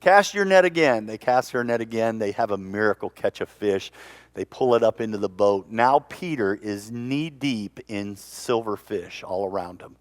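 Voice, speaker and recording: Male pastor, animated sermon storyteller, dry close sound. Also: fairly low pitch, normal speed, dry recording. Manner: animated storytelling, repeats words. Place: church.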